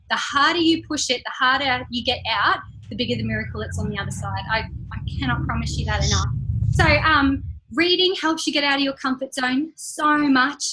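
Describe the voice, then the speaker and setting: A woman's voice: high-pitched, poor audio. A young woman giving an upbeat, chatty motivational training talk as a team leader, acting out little quoted exchanges. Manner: chatty, upbeat, acts out quotes in lively voices. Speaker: network marketing team leader. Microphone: call recording.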